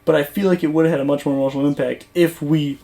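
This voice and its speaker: A gaming YouTuber talking casually over gameplay footage, rambling and conversational with lots of fillers and restarts. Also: male voice, fairly high pitch, fairly even intonation, very fast, vocal fry, dark tone.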